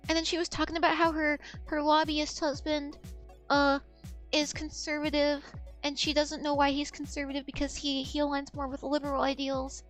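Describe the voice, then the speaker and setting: A woman's voice: sits high, completely flat delivery, normal speed, faint music behind. A woman in her twenties chatting casually as a streamer, rambling, losing her thread and swearing freely. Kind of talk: casual chat.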